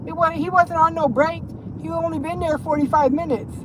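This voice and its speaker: A woman's voice: extremely high pitch, steady tone, fairly quick. A woman gossiping on a casual livestream from her car, swearing and rambling as she drives. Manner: profane, rambling, laughing. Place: inside a car, driving. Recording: road noise behind.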